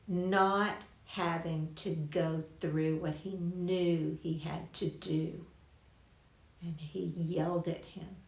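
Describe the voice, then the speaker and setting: A woman's voice: mid-range voice, darkish tone. A woman teaching a Bible lesson in a conversational way, restarting phrases and adding asides. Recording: roomy church classroom.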